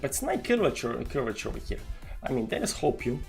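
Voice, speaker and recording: A man's voice: medium pitch, quick pace, vocal fry. Dramatic trading streamer, man, music behind. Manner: swings between groaning despair and excited cheering; dramatic, self-mocking, talks to chat. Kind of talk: live-stream commentary on a trading chart.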